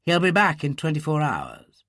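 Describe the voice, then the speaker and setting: Urbane male insider, read by a narrator, gossipy briefing manner, higher and lively. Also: moderate pace, no echo, clean studio sound. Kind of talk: audiobook character reading.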